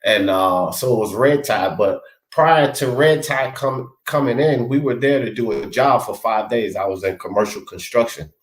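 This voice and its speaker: A man's voice: medium pitch, animated, normal speed. A man hosting a casual talk stream, rambling as he reads viewers' comments aloud and speaks to them by name. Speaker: livestream host reading chat. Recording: echoey room.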